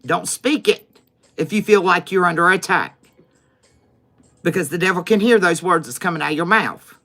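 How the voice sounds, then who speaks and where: A woman with a drawl speaks in an emphatic, preacher-like livestream style, repeating her points for weight. Her tone is bright and forward. Soft music plays faintly behind her. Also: fairly low pitch, normal speed. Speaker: livestream tarot reader. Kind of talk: spiritual livestream sign-off.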